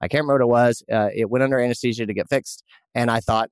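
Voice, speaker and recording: A man's voice: medium pitch, animated, fast, no room sound, studio quality. A man hosting a podcast, chatting casually and joking with an old friend, with lots of restarts. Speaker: podcast host.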